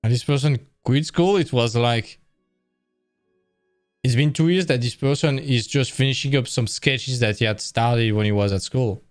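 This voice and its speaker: A man's voice: medium pitch, normal speed, soft background music. A tired man hosting an art stream, talking casually and correcting himself as he goes. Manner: rambling, self-correcting, conversational. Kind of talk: casual live-stream talk.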